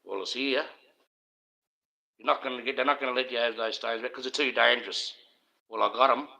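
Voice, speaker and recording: Australian man, middle-aged, bright forceful voice, rambling livestream rant, aggrieved and conspiratorial. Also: mid-range voice, steady tone, fairly quick, vocal fry, low-quality recording. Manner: aggrieved, conspiratorial, addresses viewers directly. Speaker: livestream host.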